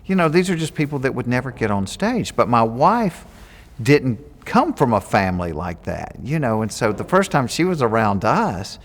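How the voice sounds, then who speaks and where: A man with a Southern US accent tells stories in an animated, jokey way. His pitch moves a lot as he acts out quotes. The voice rings in a reverberant room. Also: normal speed. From Georgia, US. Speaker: comedian. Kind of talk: interview storytelling.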